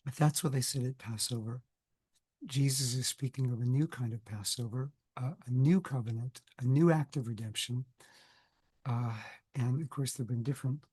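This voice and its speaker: Recording a lecture for video indoors, a man with a cold coughs and talks conversationally, digressing and often correcting himself mid-sentence. His medium-pitched voice is steady, warm and slightly breathy, at a moderate pace with frequent pauses and no echo.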